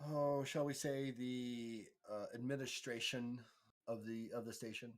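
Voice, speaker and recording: A man's voice: mid-range voice, steady tone, unhurried, close to an everyday voice. A man voicing a sly, evasive male information broker who talks coyly around his answers. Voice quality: coy, evasive phrasing.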